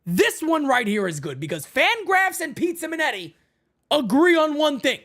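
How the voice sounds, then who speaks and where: A woman's voice: high-pitched, moderate pace. Woman hosting a sports fan stream from her home setup, voice jumps all over, hyped and chatty, lots of "man" and "folks". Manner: excitable, chatty, says "man" and "folks" a lot. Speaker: fan channel host. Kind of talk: casual live-stream sports chat.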